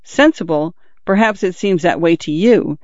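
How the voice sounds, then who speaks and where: A man's voice: sits high, expressive, no room sound. A man reading a flustered young man in love. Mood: earnest. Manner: hurried, embarrassed, earnest. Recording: dull dry recording.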